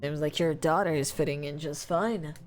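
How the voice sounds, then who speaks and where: A woman streamer playing a game live, reading its dialogue aloud and commenting with animated laughter, loud outbursts and swearing. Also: low-pitched, normal speed, over music.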